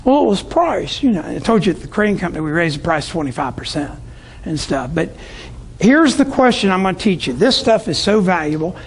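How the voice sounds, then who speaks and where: A man's voice: on the high side, lively intonation, a little fast, husky. A middle-aged man from Tampa, Florida, speaking to business owners in a storytelling sales talk and acting out his customers' voices. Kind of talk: sales talk to a live audience.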